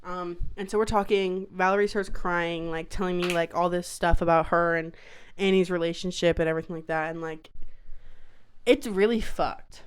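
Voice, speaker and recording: A woman with a fairly low, steady, clear and resonant voice talks at a moderate pace. She's co-hosting a podcast and telling a story in loose, wandering chat, cursing freely and dropping "like" constantly.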